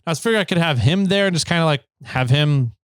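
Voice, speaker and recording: A man's voice: a little high, animated, fast talker, smooth, no room sound, clean studio sound. A man hosting a podcast, telling stories in a rambling, casual way with many fillers and easy laughs. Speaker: podcast host.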